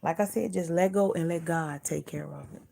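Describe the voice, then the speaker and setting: A woman's voice: sits low, moderate pace, creaky, warm tone. A middle-aged woman vlogger in casual chat, earnestly preaching life advice and repeating herself.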